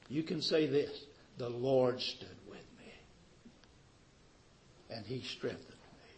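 A man preaching a sermon to a small congregation, swelling to loud emphasis on key phrases and drawing words out. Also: fairly high pitch, measured pace. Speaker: pastor.

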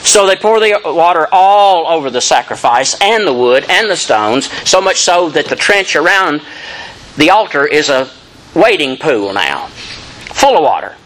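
A man's voice: on the high side, very animated, measured pace, a bit bright, a little hiss or hum, low-quality recording. A man preaching an expository sermon, reading scripture dramatically and addressing the congregation directly. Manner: emphatic rising lines, addresses congregation directly.

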